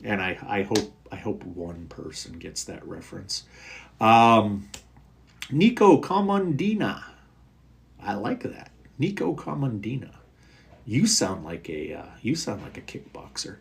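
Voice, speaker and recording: Middle-aged male coach, gravelly, lively pitch, casual and blunt, filler-heavy livestream chat. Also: measured pace, a little hiss or hum. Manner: casual, frank, rambling with fillers. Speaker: recovery coach. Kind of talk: live stream Q&A, reading comments.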